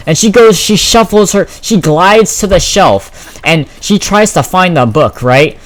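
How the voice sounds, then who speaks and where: A man's voice: high voice, lively intonation, moderate pace. Profane, exasperated teenage boy vlogger. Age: teens. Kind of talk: casual storytelling vlog.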